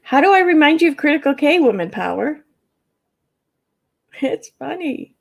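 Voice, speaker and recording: A woman with a high voice, wide pitch swings and vocal fry talks at a moderate pace in a Midwestern American accent. She hosts a casual livestream, rambling, swearing, and answering her chat.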